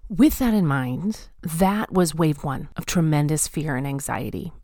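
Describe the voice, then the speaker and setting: A woman with a lowish voice tells her faith story in an earnest, emphatic way, often repeating phrases for weight. She speaks straight to her listeners. The sound is close and dry, with no room echo. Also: unhurried, mellow. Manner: addresses listeners directly. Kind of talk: personal testimony talk.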